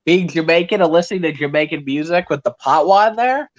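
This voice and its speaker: A man's voice: a little high, brisk, no echo, dull audio. A man co-hosting a casual stream chat, joking and playful.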